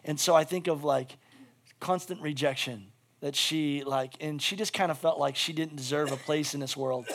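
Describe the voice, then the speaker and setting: A man preaching a sermon as pastor, animated and casual, swinging between loud bursts and hushed asides. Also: a little high, moderate pace, slight background noise. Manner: casual, with many "like" fillers.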